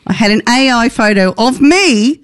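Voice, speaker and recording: Lively wry woman radio co-host. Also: a little high, normal speed, smooth. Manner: wry, self-mocking, animated. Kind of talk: casual banter on radio.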